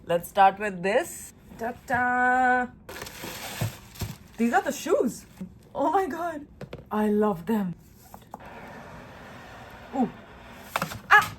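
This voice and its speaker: A woman's voice: mid-range voice, sing-song, slow pace, a little mellow, slight background noise. A young woman from India talking casually to camera in a vlog, chatty and emotional, gushing over everything. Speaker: lifestyle vlogger.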